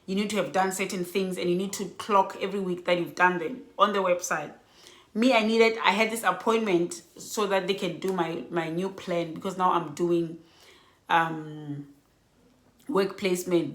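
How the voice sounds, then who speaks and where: A woman telling an emotional storytime vlog, sounding worn out and animated by turns. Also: fairly low pitch. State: exhausted. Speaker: vlogger. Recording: echoey room.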